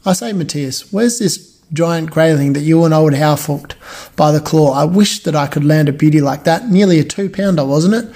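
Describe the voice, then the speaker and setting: A man voicing a hearty, chummy otter who is a champion fisher, speaking softly. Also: a little high, normal speed. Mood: admiring.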